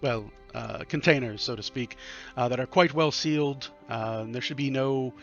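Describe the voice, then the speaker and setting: Man doing a fussy little merchant, stammering and polite, loud and a bit higher, muffled stream audio. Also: moderate pace, faint music behind, lightly acted. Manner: hesitant, stumbling, overly polite. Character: short, fussy, halting male merchant.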